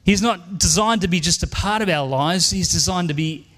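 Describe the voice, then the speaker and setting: A man's voice: high voice, moderate pace, fairly bright tone, long reverb tail. An Australian man in his forties preaching a sermon in church, earnest and emphatic, repeating his key lines. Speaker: pastor.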